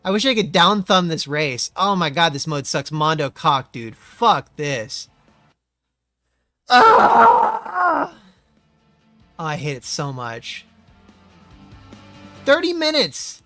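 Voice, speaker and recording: A man streaming a racing game, commenting as he plays with constant profanity, exasperated ranting and sudden yelled outbursts. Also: on the high side, normal speed, few pauses, no echo, faint music behind. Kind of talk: live gameplay commentary.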